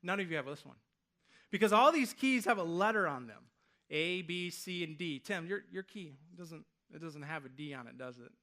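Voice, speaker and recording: A male pastor in his thirties delivers a sermon from a church stage, chatting with the congregation and throwing them rhetorical questions. His voice sits a little higher than most men's. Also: moderate pace. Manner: conversational, animated preaching with rhetorical questions.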